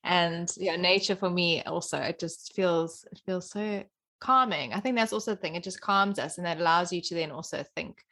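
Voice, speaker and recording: A woman's voice: on the low side, normal speed, a bit bright. A woman hosts a podcast in a casual, enthusiastic chat. She fills her talk with ums and likes, and her voice comes through a video call. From South Africa. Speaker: podcast host.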